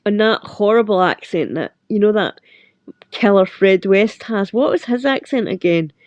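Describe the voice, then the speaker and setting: A woman's voice: mid-range voice, normal speed, a little mellow, no echo. A middle-aged Scottish woman hosting a casual livestream chat, rambling with lots of fillers and frequent laughs. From Scotland. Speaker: livestream host. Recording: dull lo-fi sound.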